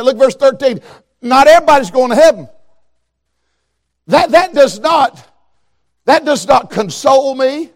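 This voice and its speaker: A man preaching a fiery revival sermon, swinging from hushed, quiet passages to loud shouting. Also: very high voice, animated, unhurried, pauses often. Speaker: preacher, evangelist.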